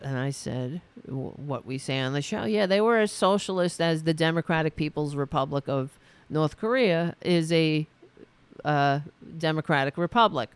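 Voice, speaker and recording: A woman's voice: deep voice, moderate pace, clean tone, dry recording. A woman hosting a political talk show, retelling an argument in a casual, exasperated way, swearing freely and restarting her sentences often. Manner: profane, exasperated, many restarts and fillers. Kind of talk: casual spoken commentary, retelling a debate.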